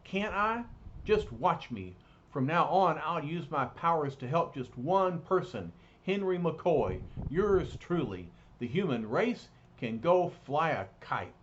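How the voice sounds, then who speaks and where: A man voicing a brainy, gentle young male mutant hero who speaks softly and in formal wording, on a slightly dull, lightly noisy recording. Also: a little high, very animated, slow. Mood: bitter. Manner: soft-spoken, formal wording.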